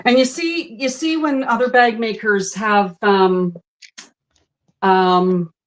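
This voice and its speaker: A woman's voice: medium pitch, steady tone, slow pace. A woman in her sixties hosting a sewing stream, chatting in a storytelling way while she works. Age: 60s. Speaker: host. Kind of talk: casual chat while sewing.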